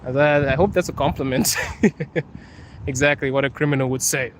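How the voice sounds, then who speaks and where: A young man from Zimbabwe talks on a night street livestream, his English leaning slightly American. His voice sits a little high for a man and keeps breaking into easy laughter. Faint traffic hums behind him. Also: steady tone, moderate pace, pauses often. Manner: chatty, laughs often, playful. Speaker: livestream host. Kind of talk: casual livestream chat reading comments. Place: outdoors on a city street at night.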